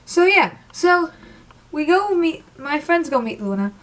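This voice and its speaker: A young woman telling an excited, rambling storytime about meeting her idols, emotional and close to tears. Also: sits high, measured pace. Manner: gushing, rambling, says literally a lot. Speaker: vlogger.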